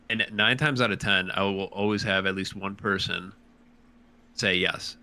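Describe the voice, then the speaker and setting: A man's voice: low-pitched, steady tone, moderate pace, bright, forceful tone, smooth. A man chatting casually as a podcast guest, rambling and swearing as he restarts his sentences. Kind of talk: casual chat.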